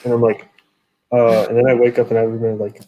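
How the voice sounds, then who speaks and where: A man's voice: mid-range voice, level tone, quick pace, a loud crowd, rough recording. A young man telling dream stories in a rambling, profane casual chat.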